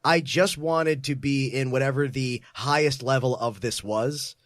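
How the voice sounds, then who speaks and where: A man hosting a comedy podcast, telling stories in a rambling, animated way with frequent restarts. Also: mid-range voice, measured pace, no room sound, studio quality. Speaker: podcast host. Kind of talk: casual comedy podcast chat.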